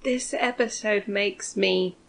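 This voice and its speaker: A woman discussing a series with a friend in a calm, thoughtful way. Her middle-pitched voice has a lot of vocal fry and a gravelly edge. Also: slow. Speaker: podcast co-host. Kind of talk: casual recap chat.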